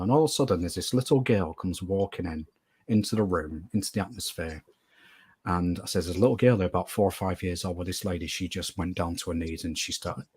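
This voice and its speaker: A man's voice: low-pitched, husky. A man being interviewed as a guest medium, telling a story earnestly and at length, often repeating phrases for emphasis.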